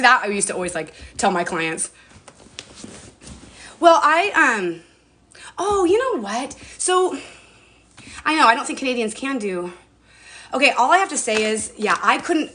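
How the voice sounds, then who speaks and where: A woman's voice: medium pitch, a bit bright, a little hiss or hum. A woman in her forties chatting casually on a home livestream about skincare, bubbly and talkative with mild swearing. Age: 40s. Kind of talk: casual live-stream chat.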